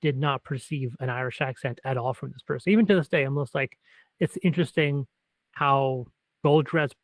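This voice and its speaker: A man's voice: mid-range voice, brisk, no echo, rough recording. A Canadian man co-hosting a podcast, rambling and self-correcting as he tells stories. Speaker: podcast co-host. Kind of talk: podcast chat.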